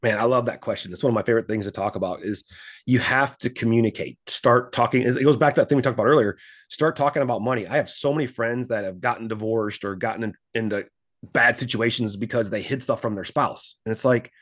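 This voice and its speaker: Fast-talking man, animated storyteller. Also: mid-range voice. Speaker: podcast guest, investing coach. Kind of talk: casual interview talk.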